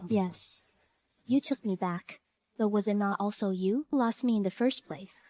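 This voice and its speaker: Woman playing a wronged young woman scholar, composed, measured and dignified, mid-pitched voice, dubbed period drama. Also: dark tone, close to an everyday voice. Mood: defiant. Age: young adult.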